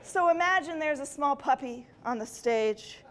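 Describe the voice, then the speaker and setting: Woman, comedy host, stand-up storytelling, playful, high voice, slow. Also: expressive. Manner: playful, giggly. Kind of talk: stand-up storytelling to a live audience.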